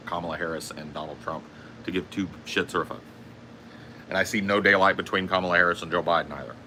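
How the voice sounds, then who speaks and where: A man on a casual livestream rants in a rambling way, swearing heavily, repeating himself, and coughing often. His low, bright voice carries a forceful tone, and there's a little hiss or hum in the audio.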